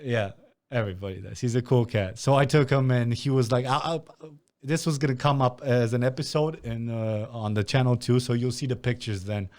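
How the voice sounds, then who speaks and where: A young man from Romania hosting a podcast, telling a story in a casual, animated way and swearing freely. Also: medium pitch, fairly quick. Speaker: podcast host.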